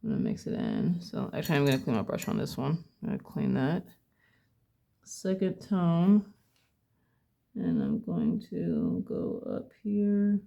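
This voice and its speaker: Low-key painting demo, mellow gravelly voice, mutters thru each step and second-guesses itself. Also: huge pitch swings, unhurried. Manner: thinking aloud, self-correcting. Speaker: painting instructor. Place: at a home desk.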